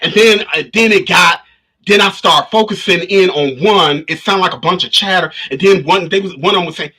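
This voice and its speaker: This spiritual vlogger has a high, husky voice with a sharp tone and talks fairly quickly. Telling a casual story to his live stream viewers, he rambles, restarts and repeats himself a lot, recorded through the livestream camera.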